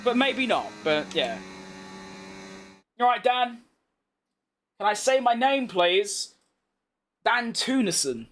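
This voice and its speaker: A young man with a British accent, chatting casually as he streams a racing game, reacting fast and poking fun at himself. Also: very high-pitched, expressive, a bit bright, slight background noise. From United Kingdom. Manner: chatty, quick reactions to the race, self-mocking. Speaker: gaming streamer. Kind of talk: live gameplay commentary while reading chat.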